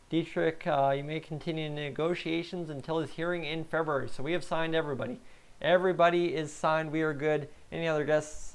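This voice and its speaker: Casual man from canada narrating his game live on stream, reads the chat out and jokes with viewers, easygoing with loud excited bursts. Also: on the high side, clean tone. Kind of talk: live-streamed gameplay commentary.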